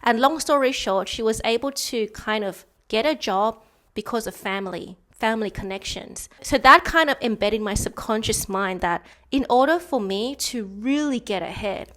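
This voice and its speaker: Young woman, Australian accent, candid vlog storytelling, frank and blunt, slightly high voice. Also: moderate pace, fairly bright tone. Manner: blunt, frank, mimics others in a higher voice when quoting. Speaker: vlogger. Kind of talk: candid personal storytelling to camera.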